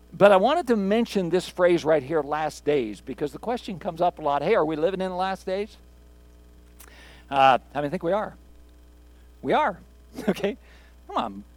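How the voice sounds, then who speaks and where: Conversational pastor preaching, slightly high voice. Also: male voice, lively intonation, normal speed, no echo. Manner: conversational preaching, repeats phrases for emphasis, asks the congregation questions. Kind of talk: sermon. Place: church sanctuary with congregation.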